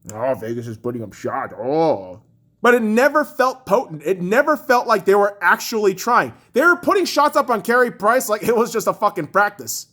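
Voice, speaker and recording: A young man vents on his podcast, cursing and mocking his own team. His voice swings wildly, jumping to shouts and then dropping to bitter grumbles. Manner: profane, furious, mocking; lively pitch swinging from shouts to low mutters. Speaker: podcast host. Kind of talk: angry sports rant.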